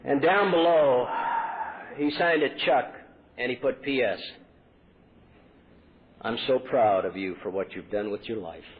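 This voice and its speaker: A man's voice: mid-range voice, a little slow, long pauses. A middle-aged man from Texas telling his recovery story as a convention speaker, earnestly acting out the dialogue he quotes. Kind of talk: personal recovery talk at a podium. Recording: tinny lo-fi 1980s convention tape.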